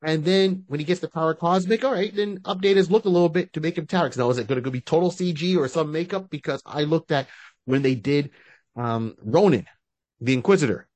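A man's voice: fairly high pitch, fairly quick, darkish tone, dry recording. Rambling man on a fan podcast. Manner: rambling, restarts often. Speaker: podcast co-host. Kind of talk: casual fan-casting chat.

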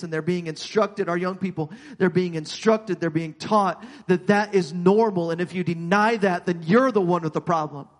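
A man's voice: high-pitched, big-room sound. A man preaching a sermon as pastor, earnest, often repeating and restarting his words.

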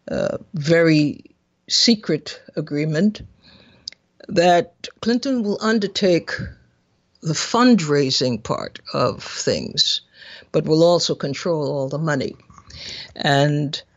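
A woman hosting a political interview, speaking in a measured, deliberate way. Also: low-pitched, dry recording. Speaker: show host. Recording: dull dry lo-fi recording.

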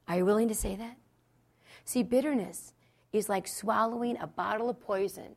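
A woman's voice: mid-range voice, moderate pace, vocal fry, a little mellow. A woman from the Philadelphia area preaching to wives in a conversational sermon, repeating key lines for emphasis and telling personal stories with asides. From New Jersey and Philadelphia, USA. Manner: emphatic and repetitive, storytelling with asides. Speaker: Christian speaker addressing wives.

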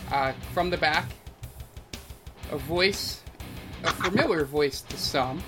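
A game master narrating a tabletop fantasy game in a loose, hesitant way with many fillers. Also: mid-range voice.

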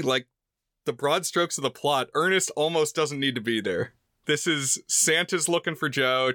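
Bright, crisp-voiced man recapping a movie. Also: mid-range voice, no echo, clean studio sound. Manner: relaxed plot recap with asides. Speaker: podcast co-host. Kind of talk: casual movie discussion.

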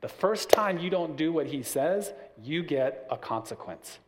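A man's voice: a little high, animated, unhurried, very noisy. A man giving a church parenting talk, explaining his points through stories with acted-out voices. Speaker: parenting class teacher.

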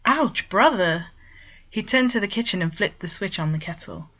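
Woman, low voice, story reading, steady narration, lo-fi dull recording. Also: fast. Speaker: story reader. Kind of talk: reading fan fiction aloud.

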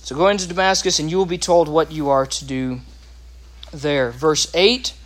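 A man's voice: on the high side, normal speed, fairly bright tone. A man teaching a Bible lesson, explaining scripture with asides and restarts.

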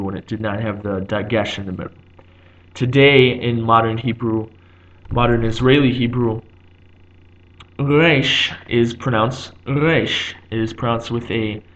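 Male teacher type, mid-range voice, halting and unscripted, lots of ums, muffled lo-fi sound. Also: medium pitch. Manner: thinking aloud, with frequent ums and restarts. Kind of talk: unscripted explanation.

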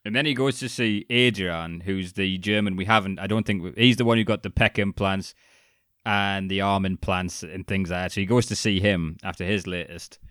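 A man's voice: deep voice, fairly even intonation, moderate pace, a bit bright, no echo, clean studio sound. A man co-hosting a podcast, joking and swearing, often slipping into silly voices. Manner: jokey, sweary, acts out funny voices. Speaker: podcast co-host. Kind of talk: casual chat.

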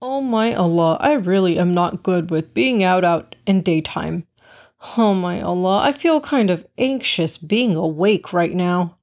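A woman's voice: fairly low pitch, expressive, unhurried, darkish tone. A woman voicing an anxious, tired young male bat who rambles worried prayers.

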